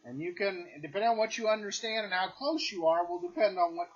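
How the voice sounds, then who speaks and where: A man's voice: high-pitched, fast talker, breathy edge. A man narrating as game master at a home tabletop game, acting out creatures' dialogue. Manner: animated, voices creatures in quoted dialogue. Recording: dull lo-fi home recording.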